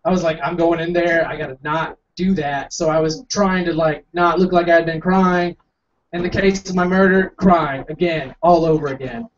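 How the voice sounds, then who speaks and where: A man's voice: fairly high pitch, fairly even intonation, moderate pace, hardly any pauses, a little hiss or hum. Young man telling a rambling stand-up story. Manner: rambling, self-mocking, acts out quotes. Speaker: stand-up comic. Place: small coffee house stage. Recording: distant, dull lo-fi room recording.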